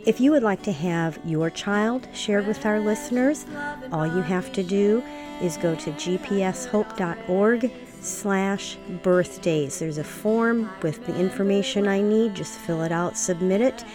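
A woman hosting a podcast, speaking in a gentle, sincere way as she wraps up an episode. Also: mid-range voice, a little slow, over music. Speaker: podcast host. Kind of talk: podcast outro narration.

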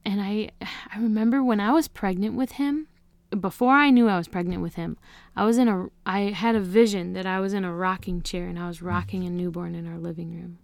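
A woman's voice: medium pitch, fairly even intonation, brisk, gravelly, no room sound. A woman in her thirties, a podcast guest, telling a personal faith story in an earnest, emotional way. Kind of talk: personal testimony.

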